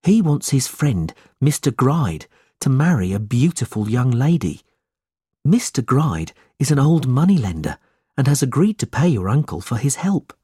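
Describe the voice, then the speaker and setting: A man's voice: mid-range voice, big pitch swings, moderate pace, dark tone, breathy edge, no echo, clean studio sound, pitched above the performer's own voice. A man doing a loyal, worried old clerk. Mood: urgent.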